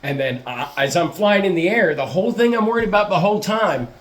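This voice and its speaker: Profane, animated storytelling man. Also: sits high, a little fast. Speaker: podcast host. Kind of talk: casual storytelling chat.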